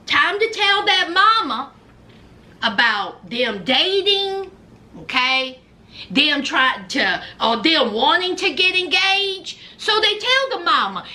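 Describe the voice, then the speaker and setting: A woman vlogger recaps a reality show at home in a very high, lively voice. She sounds sassy and animated but takes her time, drawing words out. Her tone is bright and forward. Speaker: reaction vlogger. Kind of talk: casual reality-show commentary.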